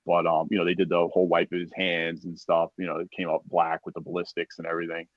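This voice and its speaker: Low-voiced guy telling a war story, swears a lot, does everyone's voices, dull dry sound. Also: quick pace, dry recording. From United States. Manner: profane, animated, acts out quoted voices. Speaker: podcast guest, army veteran. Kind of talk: casual storytelling.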